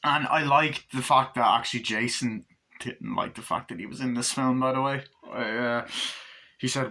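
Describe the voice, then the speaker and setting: Guy doing a chill movie review, kinda rambly and sweary, bright punchy voice. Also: medium pitch, normal speed. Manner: rambling, excitable, swears freely. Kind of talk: casual spoken movie review.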